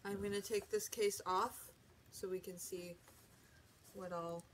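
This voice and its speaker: A woman's voice: medium pitch, steady tone, a little slow, slight background noise. A woman hosting a home video, chatting casually and correcting herself as she unboxes a gadget. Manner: chatty, rambling, self-correcting. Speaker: vlog host.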